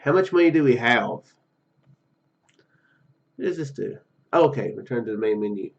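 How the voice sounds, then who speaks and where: A man with a slightly hoarse, froggy voice talks his way through a text game in a loose, rambling way, full of fillers and false starts. His pitch rises and falls with lively swings, and the sound is dull and lo-fi. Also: normal speed. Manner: rambling, self-deprecating, many fillers and restarts. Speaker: gamer reading a text adventure aloud. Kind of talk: casual let's-play commentary and reading.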